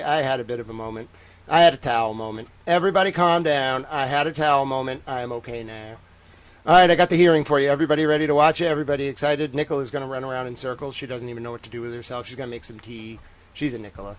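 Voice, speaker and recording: A man hosting a casual livestream, playful and repetitive as he gets a recording ready for his viewers. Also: on the high side. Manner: playful, repetitive, self-calls "little towel". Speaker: livestream host.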